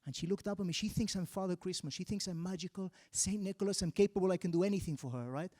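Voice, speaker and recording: A young man from Spain works a live stand-up set with a handheld mic. His voice sits high and he gets loud and exasperated when he hits a punchline. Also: fast. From Mallorca, Spain. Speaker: stand-up comedian. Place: arts centre stage with a live audience.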